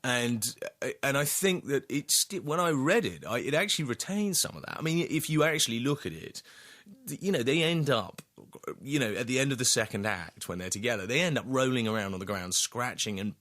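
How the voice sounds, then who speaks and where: An actor talking as a radio interview guest, thoughtful and full of restarts. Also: male voice, medium pitch, lively intonation, brisk, a bit bright. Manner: thoughtful, rambling with many restarts.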